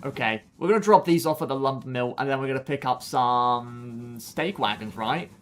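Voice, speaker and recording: A man's voice: mid-range voice, moderate pace. A young man streaming a game live, joking, bragging and chatting back to his viewers in a casual way. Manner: joking, boastful, answering chat. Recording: clear background noise.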